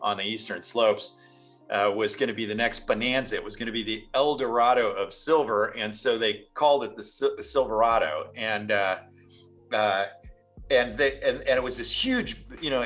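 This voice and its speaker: A man's voice: mid-range voice, fairly bright tone. A man speaking for a winery at a virtual tasting, telling stories in a rambling, joking way with many restarts, over a video call. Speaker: winery representative. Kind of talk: casual storytelling at a virtual tasting.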